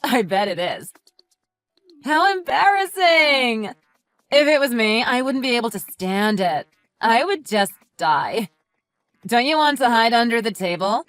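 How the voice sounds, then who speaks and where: A woman's voice: a little high, animated, moderate pace, lightly acted. Woman voicing a snide, mocking mean girl. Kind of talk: text-message story narration.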